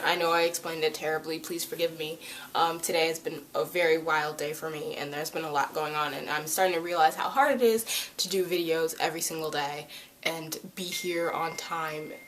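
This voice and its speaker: A woman's voice: lowish voice, fairly bright tone, slight background noise. A woman reviewing a cartoon episode in a casual, chatty, rambling way, with lots of fillers. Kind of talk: casual chat.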